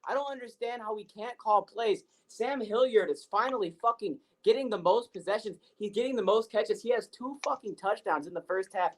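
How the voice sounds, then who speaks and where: A man's voice: sits high, a little fast, few pauses, rough recording. A man co-hosting a sports podcast, ranting with heavy profanity and frustration. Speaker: podcast co-host. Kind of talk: heated sports rant.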